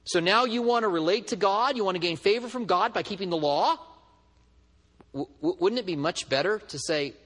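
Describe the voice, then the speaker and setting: A pastor preaching a sermon with animated storytelling, acting out both sides of everyday dialogues. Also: male voice, high voice, normal speed. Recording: preached in a hall with long reverb.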